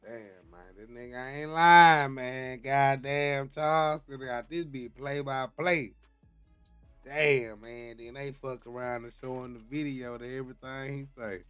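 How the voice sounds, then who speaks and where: A man hosts a live stream and reacts to a clip with profane commentary. His voice is smooth and clear, and it jumps between low mutters and loud outbursts. Faint music plays under him. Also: steady tone, measured pace. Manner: loud, profane, swings between mumbling and shouting.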